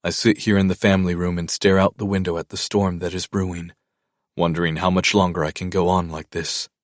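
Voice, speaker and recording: A man reading a first-person audiobook in a measured, even storytelling manner. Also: deep voice, no room sound, studio quality. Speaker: audiobook narrator.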